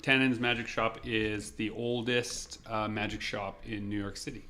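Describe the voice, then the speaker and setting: Bright-voiced man telling a story. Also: fairly low pitch, moderate pace, slight background noise. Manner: animated, acts out shouted lines. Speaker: podcast co-host. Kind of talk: casual storytelling.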